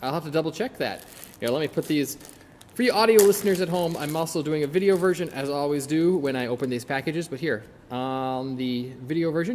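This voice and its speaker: A man's voice: a little high, a little fast, darkish tone, in a large hall, a little hiss or hum. A man hosting his own podcast, chatting casually and enthusiastically as he unboxes toys. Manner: chatty, enthusiastic, self-deprecating. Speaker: podcast host.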